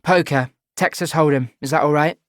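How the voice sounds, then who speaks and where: A guarded, sharp-tongued teenage girl fires back sarcastic retorts in an audiobook, as a male reader puts her on. Her voice is raised above his own and pushed a little louder. The recording is dry and close. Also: a little high, no echo, voice pushed up, lightly acted. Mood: defiant. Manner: defiant, sarcastic, quick retorts. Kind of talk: audiobook reading.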